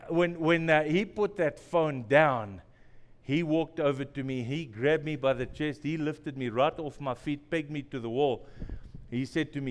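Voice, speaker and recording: A man's voice: sits high, smooth, big-room sound. A male pastor preaching a sermon in a church, telling stories with self-deprecating humor and repeating phrases for emphasis. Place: church sanctuary.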